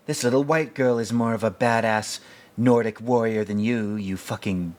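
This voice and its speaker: A man's voice: lowish voice, a little slow, lightly acted. A man voicing a fierce heroine who mocks a frightened soldier in a brash, profane way. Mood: mocking. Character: fierce scolding heroine mocking a coward.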